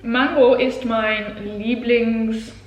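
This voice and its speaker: A woman's voice: a little high, fairly even intonation. Chatty young Englishwoman in an echoey room. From England. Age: young adult. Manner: chatty, switching into slow halting beginner German. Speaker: vlogger. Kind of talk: casual vlog chat. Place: at home. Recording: roomy, echoey room sound.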